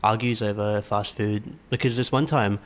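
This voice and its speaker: A man's voice: fairly low pitch, fairly even intonation, normal speed. A man chatting on a casual podcast, laid-back and matter-of-fact. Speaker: podcast co-host. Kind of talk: casual chat.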